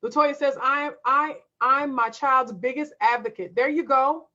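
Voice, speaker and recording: A fairly high-voiced woman hosts a casual livestream from her desk, reading out viewer comments and speaking straight to her audience. Her delivery is emphatic and folksy, and the audio sounds a little dull and lo-fi. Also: moderate pace, sharp tone. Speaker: homeschool livestream host.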